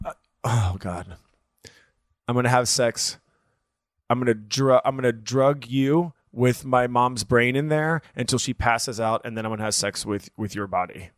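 A man's voice: medium pitch, normal speed, no room sound, clean studio sound. A man in his thirties co-hosting a podcast, chatting casually with lots of fillers and restarts. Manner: rambling, hesitant, many fillers and restarts. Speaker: podcast co-host. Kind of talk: casual chat.

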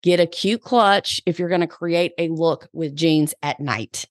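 A woman's voice: lowish voice, a little slow, dry recording, clean studio sound. A woman in her forties with a Southern US accent, hosting a solo podcast in a chatty, upbeat, slangy way. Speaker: podcast host.

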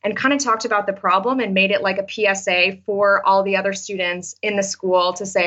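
A woman's voice: medium pitch, fairly even intonation, a little fast, hardly any pauses, a bit bright, dull audio. A woman teacher talking casually in an interview, with many fillers and restarts. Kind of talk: interview answers, storytelling.

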